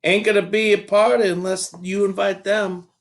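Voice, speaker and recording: A man's voice: sits high, flat delivery, normal speed, pitched above the performer's own voice. A man doing a firm folksy old woman.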